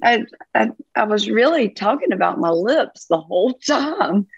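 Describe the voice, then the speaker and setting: A woman's voice: a little high, animated, measured pace, vocal fry, husky, no echo, highs cut off. A woman with a Southern accent, a pastor guesting on a podcast, telling stories in a chatty, folksy way and laughing easily. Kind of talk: casual storytelling chat.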